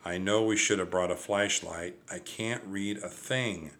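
A man's voice: low voice, fairly even intonation, measured pace, fairly bright tone. A man voicing a cautious grumbling boy. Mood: reluctant. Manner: grumbling, sensible. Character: cautious reluctant young boy.

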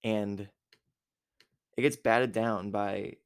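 A man's voice: on the low side, steady tone, drawn-out words, clean tone. A man casually recapping a football game from memory, rambling with many fillers and self-corrections. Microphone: recording app with a time limit.

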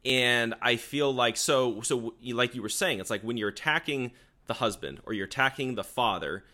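A man's voice: medium pitch, normal speed, pushed and bright. A man hosting an interview, thinking aloud in a rambling, reflective way with many fillers. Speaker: podcast host. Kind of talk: casual interview chat.

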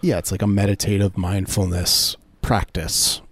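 A man co-hosting a comedy podcast, going along with the jokes deadpan and often repeating words as he restarts. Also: low voice, moderate pace, dry recording. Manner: stammering restarts, deadpan agreement with the bits. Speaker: podcast co-host. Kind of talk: casual comedic banter.

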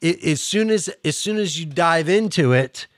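A man with a Pittsburgh accent hosts a loose, friendly chat, laughing easily and backing up to restart his thoughts. His voice sits a little high, and the recording is dry and close. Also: animated, normal speed, no room sound. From Pittsburgh area. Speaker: podcast host. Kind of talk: casual interview chat.

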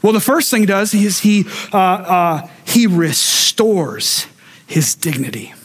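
A man's voice: high-pitched, expressive, slow, slightly rough. A male pastor delivering a sermon, telling stories with humorous asides and acting out the voices of the people he quotes.

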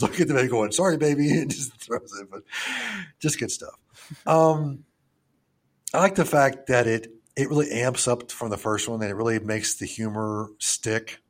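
Chatting crudely and casually about a movie, this young man co-hosts a podcast in a mid-range voice. Frequent laughter punctuates his talk as he performs scenes in an affected voice.

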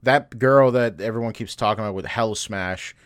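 A man's voice: on the low side, moderate pace, smooth, no echo, clean studio sound. A man co-hosting a podcast, chatting casually about games in a loose, joking, slangy way and acting out moments in quotes. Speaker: podcast co-host. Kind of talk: casual gaming chat.

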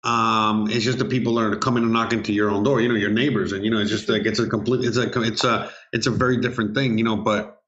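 A man's voice: on the low side, steady tone, fast, few pauses, fairly bright tone. Podcast co-host, male, loose and rambling, keeps saying "you know what I mean", muffled lo-fi recording. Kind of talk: casual chat.

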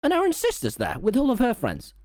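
Animated young guy telling a story. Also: a little fast, faint music behind. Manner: excitable, dramatic storyteller with big pitch swings. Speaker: gaming streamer. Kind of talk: storytelling during a gaming live stream.

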